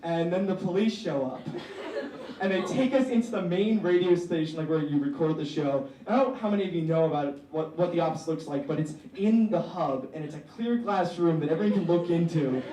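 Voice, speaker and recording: A young man telling a story in a stand-up comedy set, animated and theatrical. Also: a little high, brisk, distant mic, a crowd in the background. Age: young adult. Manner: animated, theatrical, shouting when quoting himself. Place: comedy stage in a room with a live audience. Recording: echoey room, mic from afar, audience laughter.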